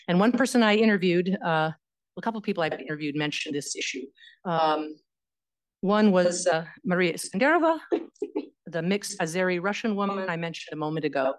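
Lower-voiced woman giving an academic lecture. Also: expressive, low-quality recording. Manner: measured, with frequent fillers and self-corrections. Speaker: history professor.

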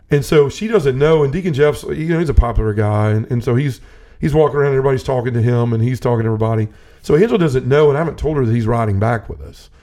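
Warm in tone and medium in pitch, a man hosting a podcast recounts his own faith journey in relaxed conversation. The testimony comes out earnest and meandering, full of restarts.

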